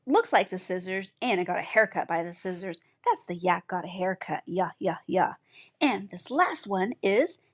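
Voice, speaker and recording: A woman leads a children's alphabet lesson in a soft, breathy voice. She encourages the learner patiently and repeats each letter sound slowly. Her pitch sits in a middle range. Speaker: teacher.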